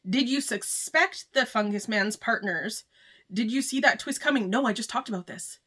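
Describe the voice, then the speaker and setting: A woman with a slightly raised pitch talks through a book in a casual review. She rambles from thought to thought, filling the gaps with "like" and loose asides. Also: normal speed, a bit bright, breathy edge. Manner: chatty, rambling, heavy use of "like".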